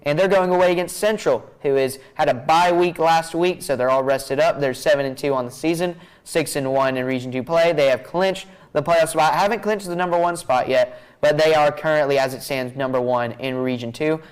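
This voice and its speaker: A young man runs a school sports picks segment. His voice sits a little high and comes through smooth and clear. He talks in a chatty, easygoing way and laughs often. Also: a little fast, few pauses, low-quality recording. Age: young adult. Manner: chatty, laughs easily, says y'all. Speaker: student broadcast host. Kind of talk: pregame picks show hosting.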